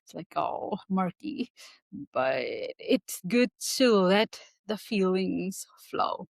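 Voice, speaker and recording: A woman talking as a podcast guest, thoughtful and searching for her words, with small soft laughs. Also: medium pitch, gravelly, no echo. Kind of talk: reflective conversation.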